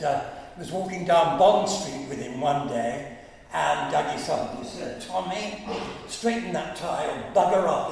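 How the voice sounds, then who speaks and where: A man from England tells chuckling anecdotes, dropping into quoted and sung snatches as he goes. His voice sits fairly high and has a gravelly fry. He is heard from a distance in a hall with long, echoing reverb. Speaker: guest speaker. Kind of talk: anecdotal talk. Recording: echoey hall, mic far off, faint hum.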